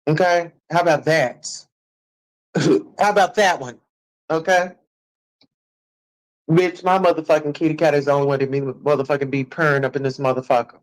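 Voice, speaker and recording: This is a man talking to his live-stream viewers. His voice sits a bit on the high side. He delivers a sassy, brash rant full of cursing, stretching his taunts out in a teasing sing-song. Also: steady tone, normal speed, pauses often, low-quality recording.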